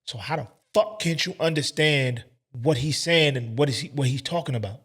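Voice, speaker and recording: A man's voice: medium pitch, moderate pace, a bit bright, husky. A man giving casual reaction commentary on a video. He talks bluntly and mockingly, swearing freely, in a mid-range everyday voice.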